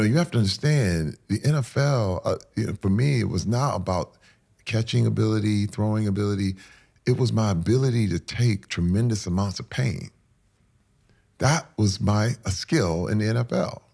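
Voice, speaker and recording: A man's voice: on the low side, moderate pace, gravelly. A man speaking as an interview guest, telling his personal story candidly and earnestly, repeating phrases for emphasis. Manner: drops to a hushed whisper at moving moments.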